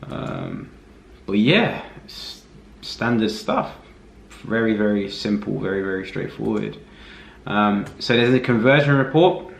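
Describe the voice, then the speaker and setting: A man giving a casual screen-recorded walkthrough as a reviewer, relaxed and thinking aloud with many fillers. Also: lowish voice, measured pace, gravelly, a little hiss or hum. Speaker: affiliate marketing reviewer. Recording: roomy echo.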